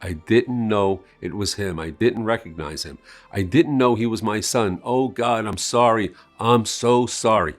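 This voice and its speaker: A man voicing a confused, panicked father in his seventies who shouts with a cracking voice. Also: on the low side, measured pace, faint music behind, natural voice. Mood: distraught.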